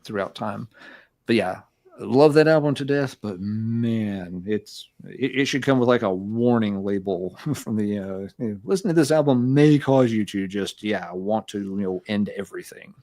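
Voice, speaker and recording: A man's voice: lowish voice, normal speed, mellow. A man co-hosting a music podcast, chatting casually and rambling with many fillers and restarts. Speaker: podcast co-host. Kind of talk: casual music review chat.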